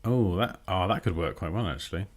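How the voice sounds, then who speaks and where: A man's voice: low-pitched, brisk. Chatty British man teaching design live. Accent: standard British English. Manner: chatty, thinking aloud while working. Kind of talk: casual live design tutorial. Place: home workspace with a cat nearby.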